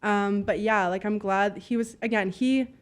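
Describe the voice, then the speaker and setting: A woman telling stories in a casual interview, blunt and animated, swearing freely and filling her talk with "like". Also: mid-range voice, moderate pace, clean tone. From Canada. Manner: fillers and acted-out dialogue. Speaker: podcast guest, business owner.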